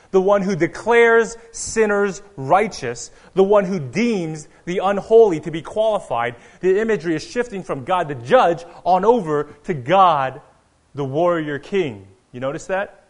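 A man preaching a sermon earnestly, rising to loud proclamations and dropping to quiet asides. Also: high-pitched. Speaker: pastor.

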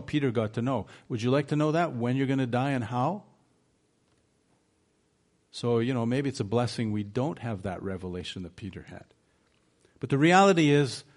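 A man preaching an earnest sermon, asking his listeners rhetorical questions. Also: medium pitch. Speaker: pastor.

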